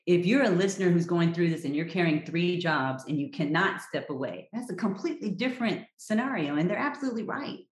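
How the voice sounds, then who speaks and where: A woman health coach speaks in a lowish voice with direct, emphatic advice. She talks like a frank coach to listeners. The recording carries a roomy echo. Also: lively intonation, fairly quick, hardly any pauses. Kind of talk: podcast interview.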